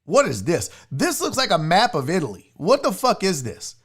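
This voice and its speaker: A woman's voice: lowish voice, huge pitch swings, moderate pace, husky. A woman hosting a casual livestream chat, blunt, profane and mocking as she reacts. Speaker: sports show host.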